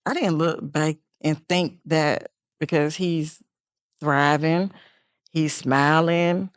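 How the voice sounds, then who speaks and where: A middle-aged woman speaks as an interview guest, earnest and reflective. Her voice sits on the lower side. The sound is dry and close. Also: steady tone, takes it slowly, clear, resonant tone, no echo. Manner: earnest, heartfelt, reflective storytelling. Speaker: interview guest, bereaved mother. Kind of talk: emotional personal interview.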